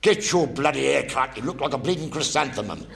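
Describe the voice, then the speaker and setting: A man voicing a gruff, middle-aged naval chief petty officer who barks parade-ground orders. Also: mid-range voice, lively intonation, brisk, heavy background noise. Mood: barking. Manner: barking parade-ground commands.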